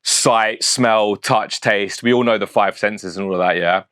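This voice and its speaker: Breaking down his own rap lyrics in an easygoing way, a man from St Albans, England, speaks with a southern English accent, slang, and laughter at his own jokes. His voice sits on the low side, unhurried, a bit bright and clean. The studio sound is clean, with no echo.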